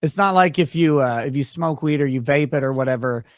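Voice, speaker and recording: A man hosting a casual live-stream chat, relaxed and easygoing, with frequent "uh" fillers. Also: a little high, a little fast, no echo, studio quality.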